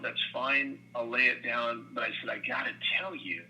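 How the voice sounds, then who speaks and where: Animated talkative man in his sixties. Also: moderate pace, low-quality recording. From United States. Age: 60s. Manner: animated, rambling storyteller with frequent restarts and pitch jumps. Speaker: company co-founder, interview guest. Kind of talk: casual storytelling interview.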